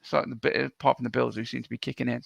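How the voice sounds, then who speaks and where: A man co-hosting a sports podcast in casual chat, rambling with many ums and restarts, blunt and quick to swear. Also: mid-range voice, little pitch movement, vocal fry, husky, no room sound. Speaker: co-host.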